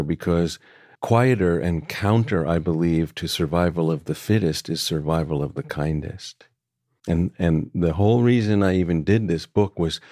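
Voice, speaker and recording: An author guest with a deep, warm, mellow voice speaks thoughtfully and without hurry in conversation, often circling back and restarting his phrases. He's close to the mic in a dry, dead space with no room sound.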